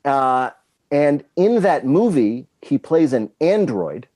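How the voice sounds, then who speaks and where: A man's voice: medium pitch, big pitch swings, slow pace, warm tone, dry recording. A man telling rambling, self-deprecating stories as a guest in a casual interview. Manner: rambling storyteller, self-deprecating, with frequent restarts. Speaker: guest screenwriter.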